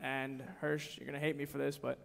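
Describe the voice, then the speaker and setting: A man's voice: medium pitch, flat delivery, fairly quick, vocal fry. A man presenting at an award ceremony, giving an upbeat scripted announcement. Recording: long hall reverb.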